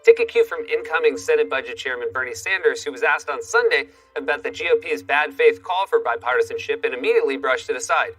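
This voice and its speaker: Late-night comic host, quick and bright, sarcastic monologue, faint music under. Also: male voice, a little high, lively intonation, husky, distant mic, rough recording. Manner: sarcastic, punchy delivery. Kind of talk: comedy monologue.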